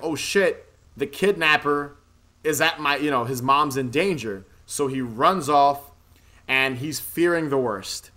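A man's voice: medium pitch, bright, forceful tone. A man casually recapping a movie plot in a podcast chat, rambling, swearing freely and laughing often. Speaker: podcast co-host.

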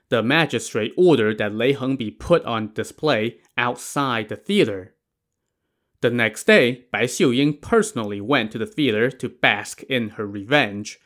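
A man's voice: medium pitch, a bit bright. Wry male storyteller. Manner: wry, sarcastic asides. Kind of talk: casual narration of a classic tale.

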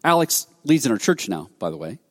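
Animated male pastor in a reverberant hall. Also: mid-range voice, brisk. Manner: animated, acts out quoted dialogue, frequent restarts. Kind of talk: sermon storytelling.

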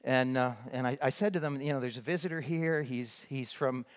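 A man's voice: medium pitch, quick pace, clean tone. An older man, a former missionary, telling a story in a rambling way with many restarts and fillers. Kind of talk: storytelling talk.

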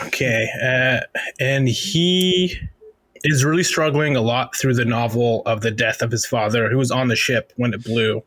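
A man's voice: mid-range voice, steady tone, moderate pace, a bit bright, dry recording. A man co-hosting a casual book discussion, chatty and laughing often between remarks. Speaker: podcast co-host.

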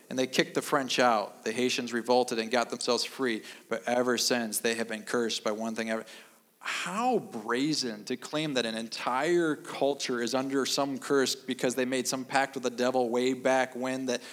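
Middle-aged male pastor, dry deadpan delivery, repeats key lines for emphasis, mid-pitched voice, sermon echoing through a long-reverb hall. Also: normal speed. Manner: deadpan, self-mocking humor with emphatic repetition.

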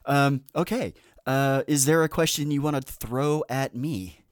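A man's voice: mid-range voice, measured pace, a little hiss or hum. A man hosting a podcast in casual chat, rambling through tangents with lots of fillers and restarts. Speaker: podcast host.

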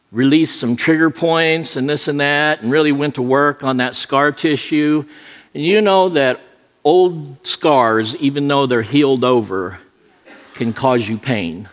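A middle-aged man preaching from a church, telling jokey, self-mocking stories before he turns to his point. His voice sits at an ordinary pitch for a man, and a long reverb trails behind it in the large room. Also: a little slow. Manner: jokey, self-deprecating anecdotes. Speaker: associate pastor. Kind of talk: sermon with humorous storytelling. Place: church sanctuary.

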